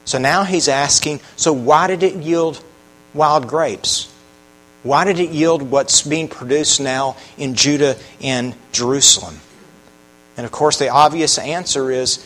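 A man's voice: mid-range voice, a bit bright, rough recording. A man preaching a sermon, earnest, often putting questions to the congregation. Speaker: pastor.

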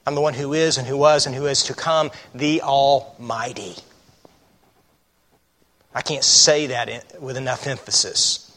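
A man's voice: medium pitch, fairly even intonation, a little fast, pushed and bright. A man preaching a sermon as a pastor, reading scripture aloud and asking the congregation rhetorical questions. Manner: reads scripture aloud with emphasis.

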